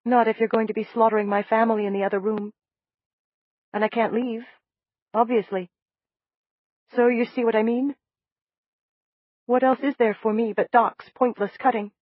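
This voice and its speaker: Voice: medium pitch, level tone, moderate pace, long pauses, no echo, phone-quality sound, voice pushed up, lightly acted. A narrator voicing an anxious, torn young female alien soul in an audiobook, with a pleading, upset manner. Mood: distressed. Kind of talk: audiobook character voice.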